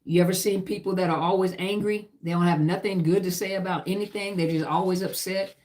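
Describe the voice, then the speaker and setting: A woman's voice: fairly low pitch, fairly even intonation, brisk, darkish tone. A middle-aged woman who served in the army, teaching about trauma in an emphatic, repetitive lecture style full of lists and "you know".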